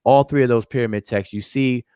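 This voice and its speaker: A man's voice: mid-range voice, fairly even intonation, fairly quick, warm tone, clean tone, no echo, studio quality. A man giving an informal spoken recap of a lecture, explaining step by step with frequent fillers. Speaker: lecturer summarizing a discussion.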